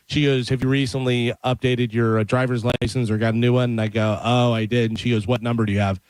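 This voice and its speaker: Male radio co-host, mid-pitched, dry studio sound, animated storyteller who acts out voices. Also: fast talker, smooth, no room sound, low-quality recording. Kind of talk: casual radio banter.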